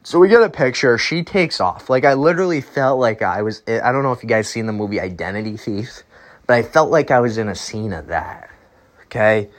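A man's voice: mid-range voice, a little fast. A young man hosting a podcast, telling a casual, rambling story and often tagging his sentences with "right?". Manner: rambling, tags lines with "right?". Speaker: podcast host.

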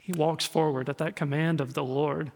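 A man's voice: fairly high pitch, fairly even intonation, normal speed, creaky, a little mellow. A male pastor preaching a sermon in a conversational, storytelling way, often repeating words. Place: church sanctuary. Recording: echoey hall reverb.

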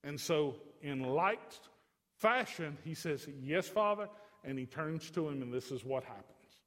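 A male pastor preaching a sermon, telling a story that moves from hushed asides to loud, fervent proclamation. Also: a little high, lively intonation, a little slow. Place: church sanctuary. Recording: long reverb of a church hall.

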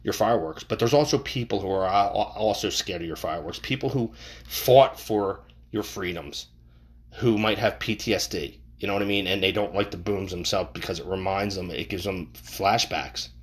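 A man hosting a casual podcast monologue, rambling and cursing, jumping from loud bursts to mumbles, recorded on a boom-hung mic in an untreated room. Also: moderate pace. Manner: rambling, profane, swings between loud and mumbled. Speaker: podcast host. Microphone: boom-hung microphone. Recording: slight room echo.

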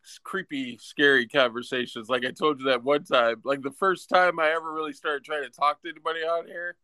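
A man's voice: on the high side, steady tone, brisk, bright, forceful tone, no echo. A man co-hosting a casual chat, giggly, often restarting sentences and saying "like". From United States. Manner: giggly, stammers and restarts, uses "like" a lot. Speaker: co-host.

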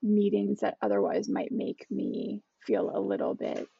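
A woman with a gravelly, heavily fried, husky voice talks frankly about herself, often restarting her sentences. The sound is dull, lo-fi and dry. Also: medium pitch, very animated, unhurried, dark tone. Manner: candid, self-reflective, trails off and restarts. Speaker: culture expert, podcast co-host. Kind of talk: casual podcast chat.

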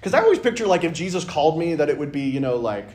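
A man's voice: on the high side, very animated, very fast, a little mellow. A man teaching a casual Bible study, enthusiastic and chatty, often acting out scripture lines. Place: church meeting room. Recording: roomy room sound.

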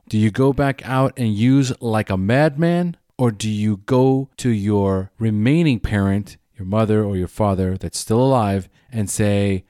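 A man's voice: fairly low pitch, unhurried, few pauses, mellow, clean tone, no room sound, studio quality. A man speaking earnestly about addiction recovery, firing off rhetorical questions and acting out short quoted exchanges. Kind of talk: earnest motivational talk.

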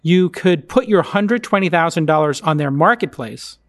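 Brisk animated man hosting a podcast. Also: fairly high pitch, dry recording. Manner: animated, rambling storyteller. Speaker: podcast host. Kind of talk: casual chat.

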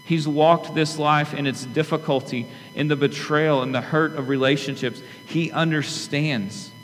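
A pastor preaching a sermon to his church in an earnest, conversational way, often turning to the congregation with quick asides. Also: fairly high pitch, fairly even intonation. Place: church sanctuary. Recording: long hall reverb with faint hum.

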